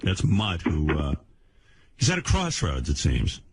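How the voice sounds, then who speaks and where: A man's voice: a bass voice, huge pitch swings, a little slow, soft background music. Wry, teasing male radio host. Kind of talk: casual radio talk.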